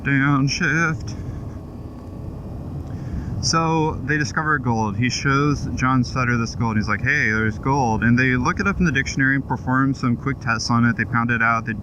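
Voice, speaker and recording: A man's voice: mid-range voice, fairly quick, few pauses, lo-fi sound, noisy background. A man riding a motorcycle, chatting casually about history through a helmet mic, loose and offhand with asides. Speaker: motovlogger. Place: on a motorcycle outdoors.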